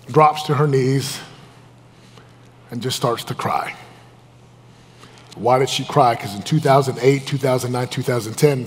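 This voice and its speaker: A man giving a live motivational talk as a business coach, intense and emphatic, swinging between loud pushes and hushed, low confessions. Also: a little hiss or hum. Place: event room with a live audience. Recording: long reverb of a large hall.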